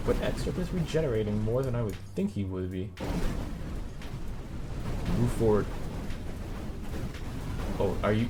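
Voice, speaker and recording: A man's voice: fairly low pitch, background noise. A man hosting and casually commentating a game tournament, chuckling often and trailing off into fillers. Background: background music.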